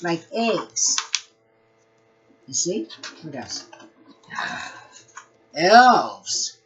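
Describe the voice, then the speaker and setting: A woman teaching early reading, reading a picture book aloud to young children in an animated, sing-song way with playful asides. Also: lowish voice, very slow, a little hiss or hum. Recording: dull lo-fi recording.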